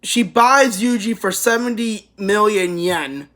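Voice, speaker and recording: A woman's voice: medium pitch, slow, fairly bright tone. Woman vlogger, rambling anime recap, swears freely and laughs often. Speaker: anime reviewer. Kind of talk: casual anime review.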